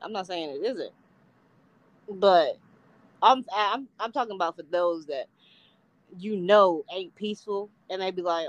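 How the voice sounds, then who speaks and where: A woman trading blunt, profane remarks in a relaxed podcast chat, with nothing held back. Her voice sits at an ordinary middle pitch. It is recorded close and dry, with no room sound. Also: unhurried, long pauses, no echo, low-quality recording. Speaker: podcast co-host.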